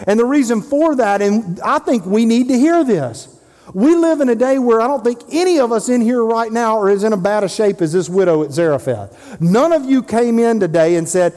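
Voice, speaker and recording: A man's voice: very high voice, expressive, normal speed, dark tone. A man preaching a sermon as a pastor, retelling Bible stories and acting out the dialogue in casual voices. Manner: storytelling, acts out biblical dialogue in casual voices. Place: church sanctuary. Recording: long hall reverb.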